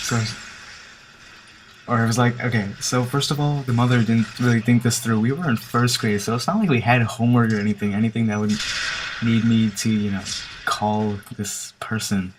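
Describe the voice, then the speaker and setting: A man's voice: mid-range voice, normal speed, long pauses. A man casually telling a story over game footage as a gaming commentator, rambling and hesitant with lots of filler words. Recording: steady background hiss with clicking.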